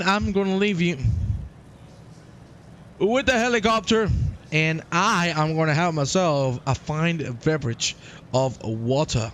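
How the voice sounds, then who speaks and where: High-voiced excitable male race commentator. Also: slow, long pauses, a little hiss or hum. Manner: playful and excitable, chats with viewers. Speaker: sim racing commentator and stream host. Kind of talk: live stream commentary.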